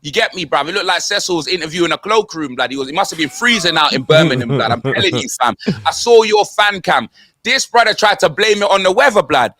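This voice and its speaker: A man's voice: on the high side, animated, fast talker, sharp tone, dry recording. A young man with a London accent hosting comedic football banter, rattling off slang and sing-song punchlines.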